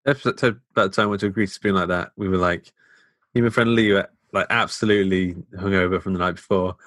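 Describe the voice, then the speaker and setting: Young male podcast co-host, Midlands accent, lowish voice, relaxed, dry close-miked sound. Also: fast, dry recording. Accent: English Midlands. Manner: laid-back, chuckles often. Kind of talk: casual film review chat.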